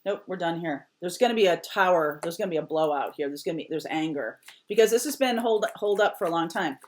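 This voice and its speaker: A woman's voice: fairly low pitch, lively intonation, fast talker, a little mellow. A woman giving a casual tarot reading to camera, emphatic and repeating short firm phrases, sometimes dropping almost to a whisper. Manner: drops to a near whisper at times. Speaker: tarot reader.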